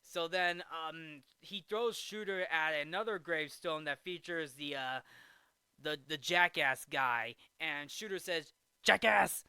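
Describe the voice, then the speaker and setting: Bright-voiced man rambling through a film recap. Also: fairly high pitch, measured pace, clean tone, no room sound. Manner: rambling, frequent restarts and fillers.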